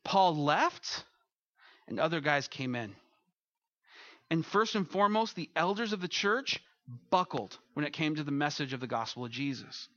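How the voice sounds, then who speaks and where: A male pastor with a high, bright voice delivers a casual, story-driven sermon and slips into playful quoted voices. The sound is dry and close, a little dull in the highs. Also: lively intonation, normal speed, no echo. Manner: conversational preaching, acts out quotes.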